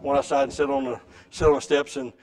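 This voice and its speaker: A middle-aged man preaching a sermon in a church, with a folksy storytelling way that swings between loud and soft. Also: medium pitch, flat delivery, fast. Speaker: pastor. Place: church sanctuary.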